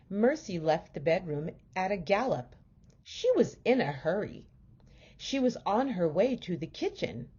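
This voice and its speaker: A woman teacher reads a children's book aloud in a gentle, expressive voice. She is low and mellow, a little husky, and moves slowly with a lively melodic lilt. The recording sounds muffled and lo-fi. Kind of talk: storybook read-aloud.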